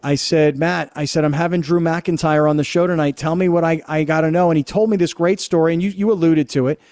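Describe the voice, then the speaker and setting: A man's voice: on the high side, steady tone, a little fast, a little mellow, dry recording. A man hosting a sports talk radio show, chatty and enthusiastic as he asks his guest questions.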